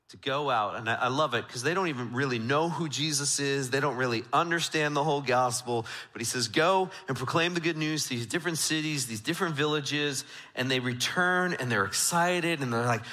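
Male pastor, bright and forceful, preaching in a church with a long echo, dropping from emphatic to hushed. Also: medium pitch, moderate pace. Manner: swings from loud emphatic to hushed intimate. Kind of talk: sermon. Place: church sanctuary. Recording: church sanctuary with long reverb.

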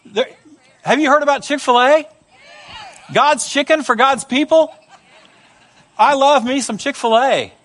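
A man preaching with a noticeably high voice, animated and playful. He acts out the people he quotes and slips in humorous asides while addressing his congregation. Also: a little slow, pauses often. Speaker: pastor. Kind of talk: sermon. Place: church service before a congregation.

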